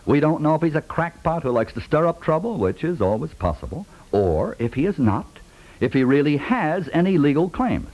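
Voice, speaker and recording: An actor playing a calm, dryly patient lawyer in a 1950s radio comedy. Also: male voice, a little high, normal speed, dull audio. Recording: old radio broadcast recording.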